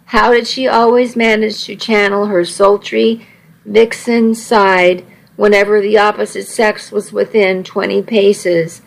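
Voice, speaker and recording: A woman narrates a first-person story with a wry, self-mocking touch. She reads slowly and evenly at a middle pitch, with a noticeable gravelly fry at the ends of her phrases. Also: level tone, poor audio. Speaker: audiobook narrator.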